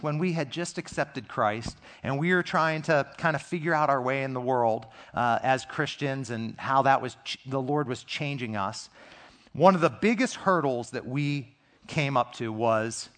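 A man's voice: medium pitch, a bit bright. A middle-aged man, a pastor, preaching a sermon in a conversational, earnest way and telling personal stories to his congregation.

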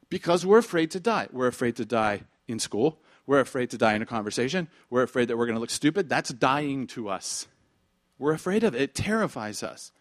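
A man preaching a sermon in an animated way, acting out bits of dialogue and swinging between loud and hushed delivery. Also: mid-range voice, brisk. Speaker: pastor.

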